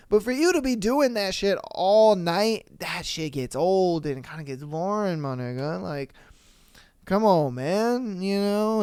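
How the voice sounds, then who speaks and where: A man hosting a casual podcast, reading listener stories aloud and reacting with animated swearing and mock voices. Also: sits high, clean tone, dry recording, clean studio sound. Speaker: podcast host.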